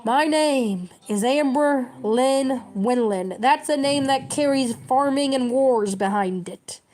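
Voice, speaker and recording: A woman's voice: high voice, slow, darkish tone. A woman in her thirties, a community educator, delivering an impassioned, scolding political rant straight to camera. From United States. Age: 30s. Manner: urgent, scolding, preachy.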